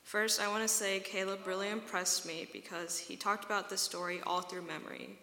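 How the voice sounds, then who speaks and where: A woman with a bright, sharp voice giving a casual spoken recap of a retreat, in a conversational way. The sound is roomy, with an echo that lingers. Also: mid-range voice, level tone, brisk. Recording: roomy echo with long reverb.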